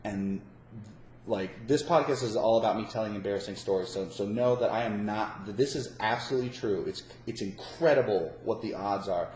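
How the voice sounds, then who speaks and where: A man's voice: lowish voice, normal speed, darkish tone. A man telling a story in a casual, rambling way, full of stammered restarts and swearing when he gets worked up. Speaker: podcast guest telling a story. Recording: echoey room with faint noise.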